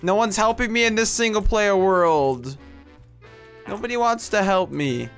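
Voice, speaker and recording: High-voiced man whining through a game skit. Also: measured pace, fairly bright tone, clean tone, soft background music. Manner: whiny, exasperated complaining. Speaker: gameplay skit narrator. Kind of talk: comedic game commentary.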